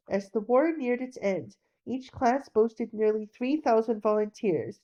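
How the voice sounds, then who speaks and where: Brief: woman narrator, bedtime-story reading, slow and mellow. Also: a little high, dull audio. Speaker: audiobook reader.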